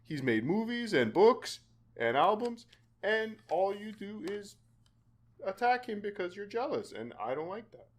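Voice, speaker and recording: A man hosting a casual podcast chat, his voice sitting a little high for a man. He talks earnestly and haltingly, often restarting his sentences. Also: very animated. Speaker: podcast host.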